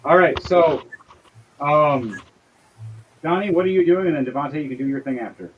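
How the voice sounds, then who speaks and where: A man's voice: on the high side, lively intonation, moderate pace. A man narrating as game master in casual, profane table talk. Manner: casual, swears freely, voices figures briefly. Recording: slightly dull lo-fi audio, faint hiss.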